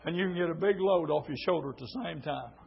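A middle-aged man preaching a sermon, telling stories and swelling into shouted preaching, heard on a dull lo-fi church recording. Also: on the high side, quick pace, gravelly, slightly rough.

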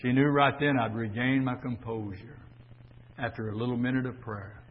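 Older preacher, shouting and reverberant. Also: male voice, medium pitch, fairly even intonation, normal speed. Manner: swings from shouting fervor to quiet storytelling. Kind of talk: Pentecostal-style sermon on the air. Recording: dull lo-fi audio with long church reverb.

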